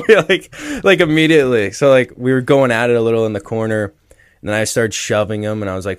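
This young man in his twenties, a podcast co-host and former college hockey player, has a low, clean voice and talks fast. He tells stories loosely and laughingly during a casual chat, packing in plenty of fillers.

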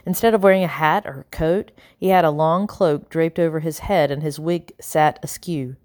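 Low-voiced woman narrating an audiobook. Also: steady tone, normal speed, a little mellow, dry recording, studio quality. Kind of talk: scripted narration.

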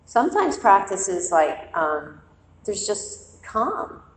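A woman's voice: medium pitch, takes it slowly, roomy sound, long reverb tail, slight background noise, poor audio. A woman meditation teacher giving a conversational dharma talk to a group, telling stories and acting out inner voices. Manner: conversational, animated storytelling with acted-out inner voices. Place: quiet meditation hall.

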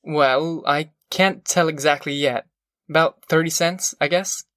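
A pushy, cocky labor contractor, voiced by a man reading aloud, snapping back brusquely and defensively. The voice sits somewhat high and sounds dry and close. It is a storybook figure. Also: steady tone, a little slow, fairly bright tone, no echo. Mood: evasive.

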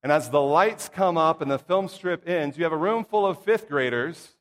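A middle-aged preacher with a slightly high voice tells humorous church stories from the pulpit. His folksy, playful asides ring out through a long reverb of a church hall. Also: normal speed. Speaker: pastor or church minister. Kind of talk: casual storytelling sermon. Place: church sanctuary.

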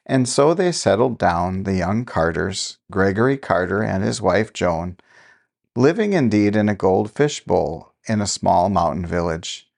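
A man narrating a story in a measured reading manner. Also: deep voice, gravelly, darkish tone.

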